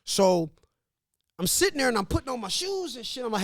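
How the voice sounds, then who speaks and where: A man from Missouri, a podcast guest, telling a story in a casual, animated, profane way and acting out what others said. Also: very high-pitched, fairly quick, dry recording, studio quality. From Grandview, Missouri. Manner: animated, profane, laughs often, acts out quotes.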